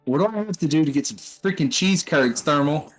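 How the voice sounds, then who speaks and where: A man chatting casually during a break in a tabletop game, loose and excitable, swearing freely. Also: on the high side, brisk, faint music behind, rough recording.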